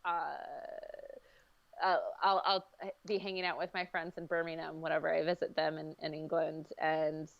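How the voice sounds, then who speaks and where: A woman's voice: low voice, little pitch movement, moderate pace, vocal fry, no echo. A woman, a guest speaking in casual chat over a video call. She talks easily, with many fillers and frequent laughs. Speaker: comics editor, guest. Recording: dry, slightly dull sound.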